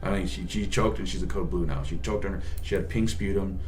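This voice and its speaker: A man's voice: sits low, fairly even intonation, fairly quick, a little mellow. A man, a nurse, telling a work story in a profane, rambling, casual vlog style.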